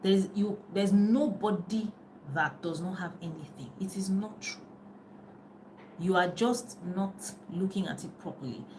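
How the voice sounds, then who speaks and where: A woman's voice: medium pitch, unhurried, a little mellow, a little hiss or hum, poor audio. A middle-aged woman coach talking casually and chattily on a live video, often losing her thread and laughing. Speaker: life and business coach. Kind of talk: casual live-stream talk. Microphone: phone on a live video.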